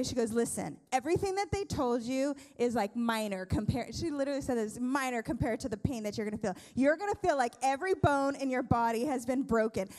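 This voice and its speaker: A young woman pastor delivers a sermon in a high, bright-pitched voice. She preaches conversationally, tells jokes and often breaks off to restart her sentences, swinging between big emphatic lines and quiet asides. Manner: lively, conversational preaching with humor and many restarts.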